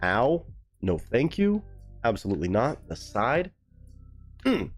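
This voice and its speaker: A man's voice: mid-range voice, sing-song, slow pace, faint music behind. A young man chatting casually and goofily on a live stream, swearing freely and joking around.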